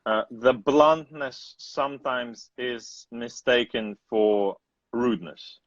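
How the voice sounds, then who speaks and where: A man's voice: medium pitch, no room sound, highs cut off. A man from post-Soviet Eastern Europe hosting a casual chat, speaking hesitantly with jokes between his thoughts. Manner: slow, hesitant, joking. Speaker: host. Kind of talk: casual video-call chat.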